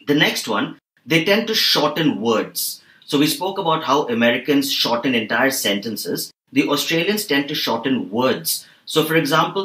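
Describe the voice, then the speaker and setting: A man explaining on a learning podcast, measured and instructive, slowing down to stress key words. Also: medium pitch, a bit bright, roomy sound, poor audio. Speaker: English teacher on podcast.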